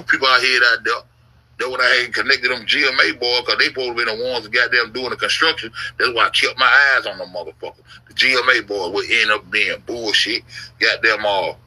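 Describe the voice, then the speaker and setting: A man telling a long, rambling story in a casual stream, full of cursing and repetition, mixing low grumbles with loud outbursts. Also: fast, husky, low-quality recording. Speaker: YouTube commentator.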